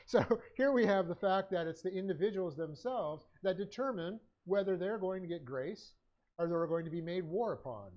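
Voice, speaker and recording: A man teaching a Bible study class and dictating his notes, talking haltingly with many fillers and self-corrections. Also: sits high, dull audio.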